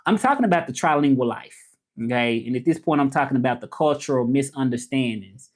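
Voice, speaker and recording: A man's voice: mid-range voice, expressive, a little fast. A man with a Southern US accent, chatting casually on a livestream and answering viewers as he talks about languages and interpreting.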